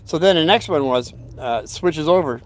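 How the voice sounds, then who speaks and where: On his own channel, a man with a fairly high, expressive voice tells a story at normal speed. The telling is casual and rambling, folksy in style, and often interrupted by asides.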